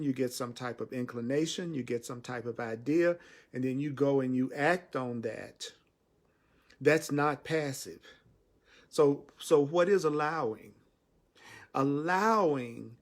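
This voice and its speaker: A man teaching spirituality on a live stream, slowly and emphatically, repeating key phrases and speaking directly to his viewers. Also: medium pitch. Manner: slow, repetitive and emphatic; addresses viewers and reads their comments.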